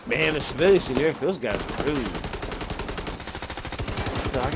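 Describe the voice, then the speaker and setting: Expressive and mid-range, a man talks at normal speed with frequent pauses, giving relaxed, meandering commentary as he plays a game. He chuckles and swears freely over noticeable background noise.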